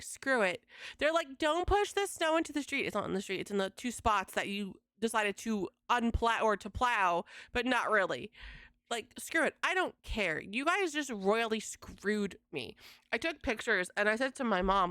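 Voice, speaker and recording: A young woman livestreaming from home, venting to her chat in a casual, exasperated rant with swearing and quick retellings of conversations. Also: fairly high pitch, pushed and bright, smooth, no echo, clean studio sound. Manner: exasperated, swearing, quoting others in fast retelling. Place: home streaming setup.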